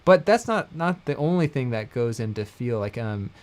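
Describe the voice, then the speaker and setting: Relaxed man teaching mandolin live. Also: mid-range voice, normal speed. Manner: relaxed, rambling, self-correcting with frequent "like" and "um". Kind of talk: casual livestream lesson. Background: mandolin playing between phrases.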